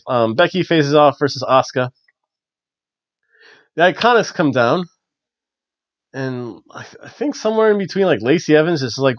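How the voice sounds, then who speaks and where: A man hosting a casual wrestling review, chatty and animated with lots of fillers. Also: mid-range voice, no echo. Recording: dull, dry lo-fi recording.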